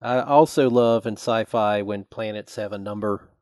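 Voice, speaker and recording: A man's voice: on the low side, steady tone, moderate pace, a little mellow, dry recording. Wry man chatting about comics. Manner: wry, quotes dialogue aloud. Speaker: podcast co-host. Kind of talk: casual chat.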